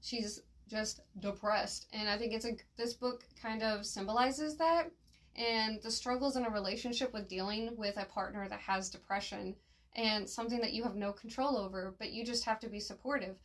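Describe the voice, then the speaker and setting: A woman's voice: mid-range voice, moderate pace, a bit bright. A woman giving a casual, slangy spoken review, with fillers and a laugh at her slips. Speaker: manga reviewer.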